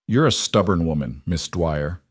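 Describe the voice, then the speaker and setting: A man's voice: low-pitched, lively intonation, moderate pace, husky, no echo, studio quality, pitched below the performer's own voice. A man voicing a weary frontier drifter. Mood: wry. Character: weary frontier man running from his past.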